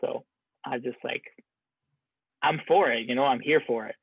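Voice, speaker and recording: A man's voice: medium pitch, normal speed, gravelly, husky, dry recording. Man on a tinny remote line. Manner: reflective, rambling with restarts. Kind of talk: casual podcast conversation. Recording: dry, phone-like narrow sound.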